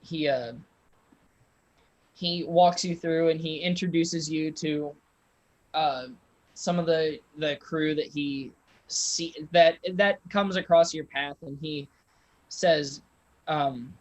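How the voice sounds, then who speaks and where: Man, game master, casual halting narration, tabletop game. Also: a little high, low-quality recording.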